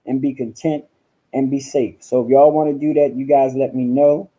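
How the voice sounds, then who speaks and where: Male livestream host, sassy profane chatter, very mellow dark tone, home webcam sound. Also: mid-range voice, fairly even intonation, moderate pace, poor audio. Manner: sassy and profane, calls listeners honey and girl. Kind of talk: casual livestream rant.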